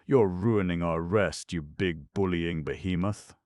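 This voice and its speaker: A man voicing a fretful, sleepy male chief of a sleeping folk, complaining in a shrill, petulant voice. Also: unhurried, darkish tone, no room sound, studio quality. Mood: pleading.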